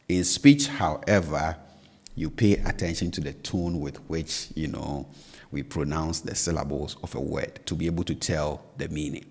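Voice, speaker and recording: A man's voice: low-pitched, big-room sound. A man teaching a language lesson, patiently explaining tones and checking in with "all right?" as he goes. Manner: patient, repeats points with "all right?" and "you know".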